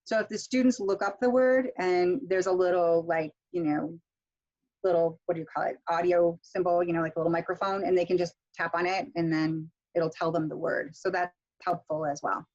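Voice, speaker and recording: A woman's voice: fairly low pitch, fairly even intonation, moderate pace, darkish tone. Chatty woman teaching on a muffled call. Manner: chatty, explains with many fillers and restarts. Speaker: pronunciation instructor. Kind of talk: online workshop teaching. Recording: muffled lo-fi video call audio.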